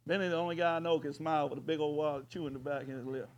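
A man preaching a folksy sermon as pastor, rising at times to loud hollers. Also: a little high, little pitch movement, racing, lo-fi sound, a little hiss or hum.

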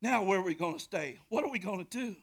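A man's voice: high voice, expressive, fast, husky, voice pushed up, full character voice. A man voicing an anxious young husband who stammers urgently while asking for a place to stay.

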